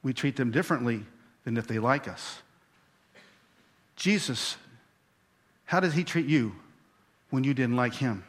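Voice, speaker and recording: A man's voice: medium pitch, animated, measured pace, pauses often. A man preaching a sermon, talking to the congregation and acting out the characters. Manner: conversational, acts out voices, asks the congregation. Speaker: pastor.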